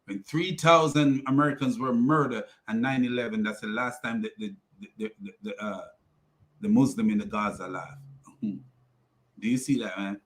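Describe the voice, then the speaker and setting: A man's voice: fairly low pitch, normal speed. Mocking man ranting with frequent laughter. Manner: mocking, laughs often, repeats words and phrases. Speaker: commentary channel host. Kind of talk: ranting video commentary.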